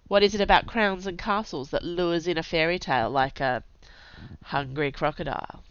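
A woman's voice: low voice, moderate pace, smooth, dry recording, lo-fi sound. A woman voicing a cocky, restless young male warrior who talks in brash, teasing outbursts. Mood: breezy.

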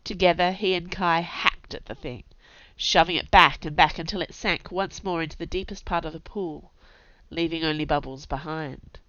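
A woman with a fairly low voice narrates a story aloud at an even, steady pace. The recording is dry and close, with a dull, lo-fi tone. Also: moderate pace, dry recording. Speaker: audiobook narrator.

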